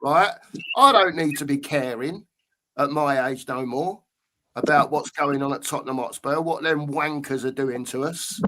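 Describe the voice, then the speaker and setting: Fifties man, high-pitched host ranting hard about his club. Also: moderate pace, pushed and bright. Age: 50s. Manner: passionate, ranting, swearing. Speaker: show host. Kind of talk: livestream fan chat.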